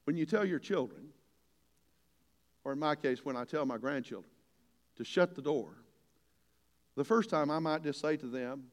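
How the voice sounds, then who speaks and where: An older man delivers a sermon in a folksy, conversational way, now and then pressing a point with real force. His voice sits slightly high for a man. A long reverb trails behind every phrase, as in a large church. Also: animated, moderate pace, long pauses. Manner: folksy, earnest, rises to emphatic preaching. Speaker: pastor.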